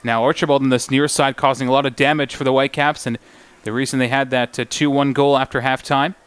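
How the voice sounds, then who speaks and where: Guy doing play-by-play for a soccer match, smooth clear voice, dry close sound. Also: medium pitch, fairly even intonation, fairly bright tone, no room sound. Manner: brisk play-by-play calling names. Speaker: play-by-play commentator. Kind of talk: live football commentary.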